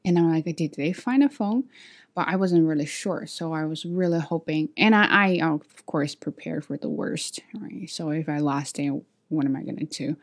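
A woman telling a story to camera in a vlog, hesitant with many fillers and restarts, animated when she acts out what others said. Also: low voice, moderate pace. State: sweaty after a walk. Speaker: vlogger.

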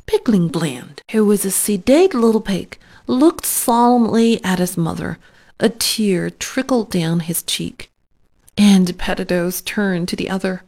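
A woman reading a children's story aloud in a gentle, unhurried way. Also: mid-range voice, expressive.

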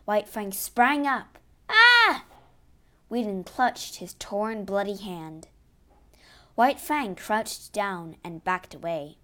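Slow, steady female storyteller. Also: mid-range voice. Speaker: narrator. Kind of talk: storybook reading.

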